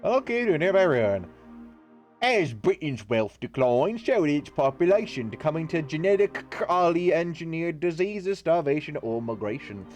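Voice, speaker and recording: A man's voice: fairly high pitch, very animated, normal speed, faint music behind. A man streaming a game live, reading its text aloud and joking crudely as he plays. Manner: swears freely, jokey, mocking mock-British bits.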